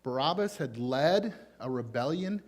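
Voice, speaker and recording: A male pastor with a Southern US accent, preaching a conversational sermon in a folksy, informal way with animated emphasis. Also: mid-range voice, measured pace. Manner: folksy, informal, with frequent fillers.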